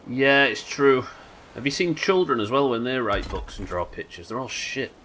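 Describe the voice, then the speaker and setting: A man's voice: medium pitch, lively intonation, moderate pace, bright, forceful tone, slight background noise. A man with a Yorkshire accent chatting casually and swearing freely while streaming a game. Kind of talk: casual live-stream chat while gaming.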